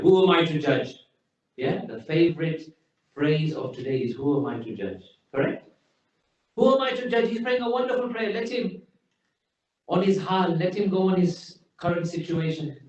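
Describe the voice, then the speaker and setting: A man delivers an emphatic, storytelling sermon with a somewhat high voice. He stands away from the mic in a very reverberant hall, and the recording sounds a little dull. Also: a little mellow, recorded from a distance. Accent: British English. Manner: emphatic, storytelling with Arabic phrases. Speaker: preacher. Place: mosque hall.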